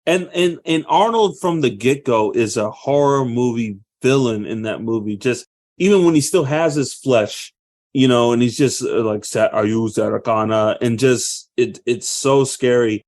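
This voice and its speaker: A man in his thirties, co-hosting a podcast, telling stories in an animated, laughing way. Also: medium pitch, unhurried. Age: 30s. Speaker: podcast co-host. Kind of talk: casual chat.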